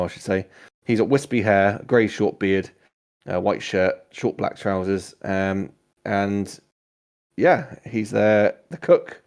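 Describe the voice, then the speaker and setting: A man narrating as game master of a tabletop role-playing game, relaxed, with frequent ums and self-mocking laughs. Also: fairly low pitch.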